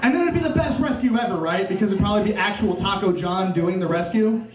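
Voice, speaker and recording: A young man from Iowa performing a stand-up set, deadpan and dropping into silly voices for punchlines. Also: sits high, fast. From Cedar Valley, Iowa. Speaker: stand-up comedian. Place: comedy club stage. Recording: echoey club from far off.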